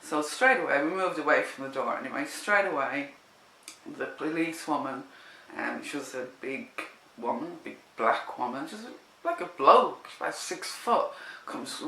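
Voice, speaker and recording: A woman vlogger tells a personal story casually, rambling and animated, constantly breaking off and restarting her sentences. Her deep voice is bright and sharp-edged, at normal speed, in an echoing room with slight background noise.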